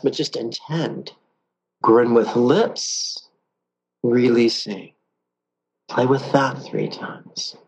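A man teaching a guided meditation lesson, calm and playful, with drawn-out pauses. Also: medium pitch, slightly rough, poor audio.

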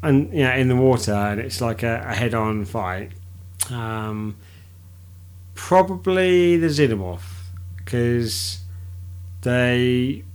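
A man talking loosely on a casual podcast, rambling through his points with easy swearing and a ready laugh. His voice sits at an ordinary middle pitch. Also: takes it slowly, clear, resonant tone.

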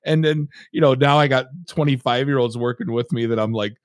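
A man's voice: medium pitch, brisk, no room sound, studio quality. A middle-aged man hosting a podcast, rambling and joking with plenty of fillers. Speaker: podcast host. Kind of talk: casual podcast chat.

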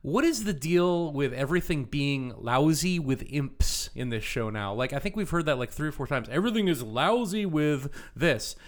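Man, podcast co-host, nerdy and joking, average pitch. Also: expressive, normal speed, few pauses. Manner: playful, nerdy, asks quiz-style questions. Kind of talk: casual podcast chat.

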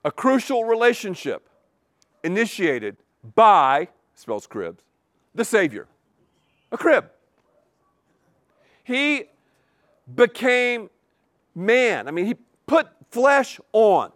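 A man's voice: high-pitched, sing-song, slow, long pauses, fairly bright tone, dry recording, clean studio sound. A man preaching a sermon, repeating key words for emphasis and asking the congregation rhetorical questions. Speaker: pastor.

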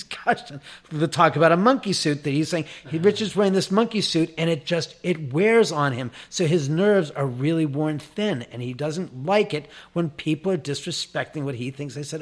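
A man telling a casual, profane anecdote with lots of animation. He restarts and repeats himself often. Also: on the high side. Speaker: storyteller.

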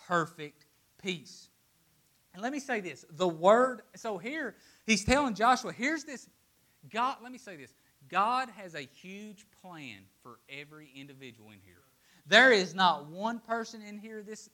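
A man's sermon to his congregation shifts between booming, emphatic pronouncements and soft, hushed asides, all in a voice that sits high.

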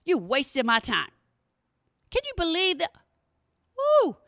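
A woman hosting a podcast, telling stories in an animated, casual way and talking straight to her listeners. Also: sits high, unhurried, dry recording, clean studio sound. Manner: animated, talks to listeners directly, exclamations. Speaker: podcast host. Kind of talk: casual storytelling monologue.

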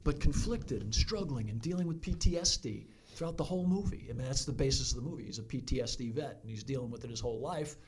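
Reflective fire chief, halting speech. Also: male voice, mid-range voice, animated, darkish tone, slight background noise. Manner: reflective, halting, with many restarts. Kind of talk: casual podcast conversation.

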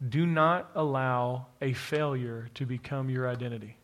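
A man's voice: mid-range voice, moderate pace, slight background noise. A man preaching a sermon to a live congregation, emphatic and repetitive, speaking straight to his listeners. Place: church, to a live congregation with an online audience.

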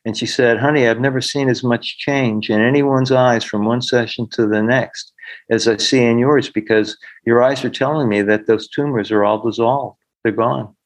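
A man's voice: medium pitch, fairly even intonation, normal speed, rough recording. A middle-aged man, a healer, telling stories in an interview in an earnest way and acting out the voices of the people he quotes. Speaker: healer, podcast guest. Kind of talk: storytelling in an interview.

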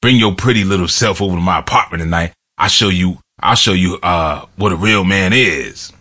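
A man with a low voice voicing a brash, crude male boxer who taunts a woman. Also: moderate pace, sharp tone. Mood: taunting.

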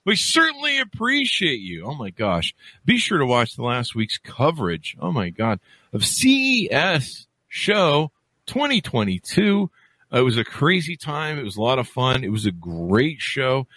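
A man's voice: medium pitch, wildly swooping pitch, measured pace, pushed and bright. A man hosting an interview podcast, upbeat and jokey, rambling through plugs and asides. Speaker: podcast host.

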